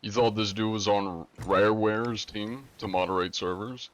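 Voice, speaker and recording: A man's voice: on the low side, steady tone, moderate pace, a bit bright, highs cut off. A man streaming a game live from a room at home, chatting playfully and jokingly greeting his viewers by name. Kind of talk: casual live-stream chat.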